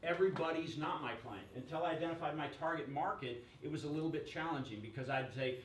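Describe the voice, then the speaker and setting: A man giving a lively workshop presentation to a room, joking and quizzing the audience. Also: fairly high pitch, fast, few pauses, slight background noise. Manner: energetic, jokey, asks the audience questions. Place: chamber of commerce meeting room. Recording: echoey room recorded from far off.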